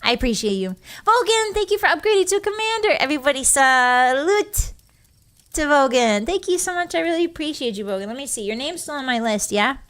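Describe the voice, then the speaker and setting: Giggly high-voiced young woman streamer. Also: expressive, a little fast, a bit bright. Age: young adult. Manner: giggly and playful, teary and thankful. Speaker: virtual streamer. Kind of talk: casual livestream chat.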